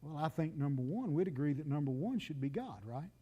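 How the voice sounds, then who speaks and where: A man's voice: fairly high pitch, expressive, brisk, husky, dull audio. A man, preaching a folksy, joking sermon and talking straight to the congregation. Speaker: pastor.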